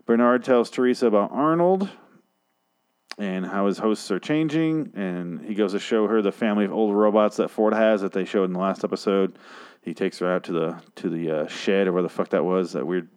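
A man's voice: on the low side, normal speed, a little mellow, clear, resonant tone. A man casually recapping a TV episode, rambling and swearing, mocking himself as he goes. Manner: profane, rambling, self-mocking. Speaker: show recapper.

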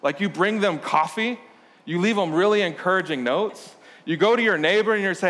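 A man's voice: high-pitched, brisk, a bit bright. A man, a pastor, preaching a sermon in a casual, conversational way with playful storytelling. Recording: long hall reverb.

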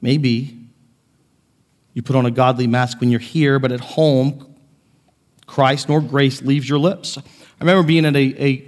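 A man preaching a sermon as pastor, earnest, moving between quiet reflection and raised, impassioned passages. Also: medium pitch, big-room sound. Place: church sanctuary.

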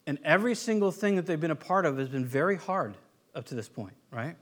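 American guy preaching, chatty sermon, lots of restarts, kinda high voice. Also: animated, fairly quick. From United States. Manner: conversational storytelling with frequent restarts. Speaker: pastor.

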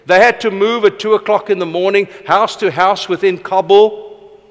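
A middle-aged man preaching a passionate sermon, rushing ahead and then slowing for emphasis. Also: high-pitched, steady tone. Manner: passionate, fast-paced with sudden slow emphatic drops. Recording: long reverb of a large hall.

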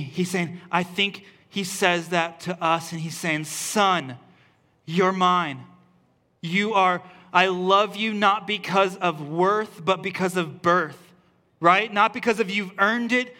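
A male pastor preaching at a church service, his voice pitched high with a bright, forceful edge. He talks earnestly and keeps repeating phrases, restarting lines to build emphasis. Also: steady tone, unhurried. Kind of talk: sermon.

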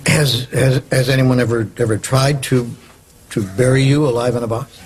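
An actor playing a blunt, impatient male therapist in a comedy sketch, talking deadpan with a halting stammer. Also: medium pitch, close to an everyday voice, poor audio.

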